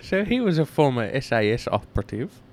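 A man co-hosting a comedy podcast, spinning playful deadpan tall tales. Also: medium pitch, brisk. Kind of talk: improvised absurd storytelling.

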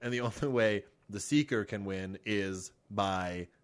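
A man in casual chat with a friend, talking in a deliberate, musing way. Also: on the low side, clean tone.

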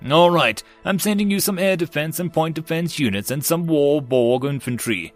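A man voicing a gruff human general with a rough, growling voice and a blunt, commanding manner. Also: fairly high pitch, moderate pace, soft background music, pitched above the performer's own voice, lightly acted.

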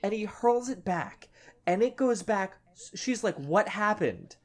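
A woman's voice: mid-range voice, measured pace, darkish tone. A woman co-hosting a casual podcast chat, animatedly retelling scenes and swearing casually. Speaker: podcast co-host.

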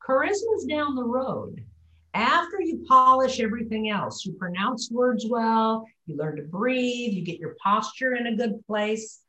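Female voice coach, lively and demonstrative, slightly high voice, echoey room sound. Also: unhurried. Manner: demonstrative, models sounds and words aloud. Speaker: voice and pronunciation coach. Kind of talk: coaching talk on a group video call.

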